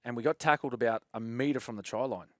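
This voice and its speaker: An Australian man in his forties tells footy stories with lively energy and frequent laughs. His voice sits in a middle range and is recorded close and dry, with no room sound around it. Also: medium pitch, fast talker, no room sound. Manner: animated, laughs often, says "mate" a lot. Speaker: podcast guest, former rugby league player. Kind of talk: casual storytelling chat.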